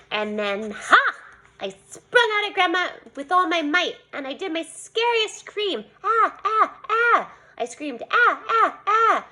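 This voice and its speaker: A woman reading a children's storybook aloud in an animated way. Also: a little high. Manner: animated, voicing a young girl narrator. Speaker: reader.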